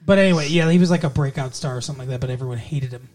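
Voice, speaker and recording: A man's voice: mid-range voice, rapid-fire, a little mellow. A man hosting a casual podcast chat, rambling, trailing off and correcting himself as he goes. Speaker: podcast host.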